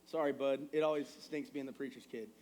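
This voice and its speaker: A man in his thirties preaching a sermon in a church, telling family stories in a conversational, animated way. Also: mid-range voice, a little fast. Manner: conversational, animated storytelling with acted quotes. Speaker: pastor. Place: church sanctuary.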